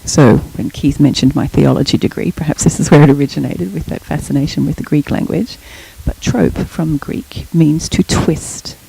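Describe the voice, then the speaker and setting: A woman's voice: sits low, fairly even intonation, moderate pace, vocal fry, few pauses, mellow, slightly rough, low-quality recording. A middle-aged woman giving an academic lecture, explaining terms and telling a short story from her own life. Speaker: guest lecturer.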